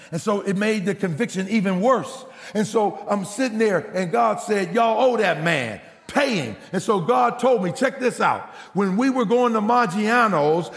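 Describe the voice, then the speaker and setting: A man preaching a sermon as a pastor, telling a story in an animated way and acting out the people he quotes. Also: sits high, creaky. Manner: animated, acts out quotes, laughs. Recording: long hall reverb.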